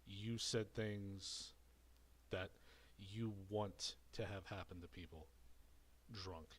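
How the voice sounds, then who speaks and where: A man with a fairly low voice runs a loose commentary rant. He rambles and circles back over the same words. He sounds a little breathless, having just had a drink. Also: steady tone, slow pace, slight background noise. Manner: rambling and repetitive. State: slightly out of breath after drinking. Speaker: commentary streamer. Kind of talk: casual ranting commentary.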